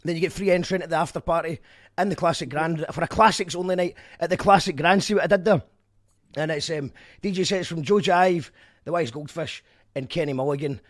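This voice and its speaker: A man's voice: a little high, a little fast, no echo, studio quality. A man hosting a live online show, chatting and joking casually. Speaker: host.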